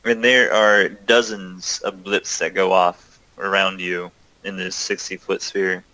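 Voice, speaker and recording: A man's voice: low voice, level tone, slow pace, pushed and bright, dry recording, low-quality recording. A man running a tabletop game as game master, describing scenes in a loose, joking way.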